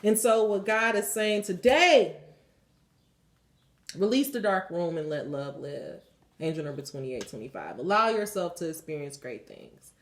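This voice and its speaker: A woman's voice: on the low side, lively intonation, a little slow, echoey room. A woman tarot reader giving a blunt, emphatic spiritual pep talk and leading affirmations, swearing freely.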